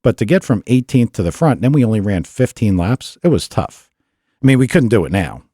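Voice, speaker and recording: Casting: male podcast co-host, low-pitched, animated storyteller, dry close mic. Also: brisk, husky, no room sound. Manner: animated storyteller, laughs often, acts out quotes. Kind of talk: casual storytelling chat.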